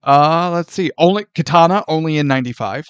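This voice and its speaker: A man's voice: fairly high pitch, fairly quick, smooth, no echo, dull audio. A man co-hosting a movie podcast in casual chat, opinionated and easily exasperated as he steers the topics. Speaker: podcast co-host.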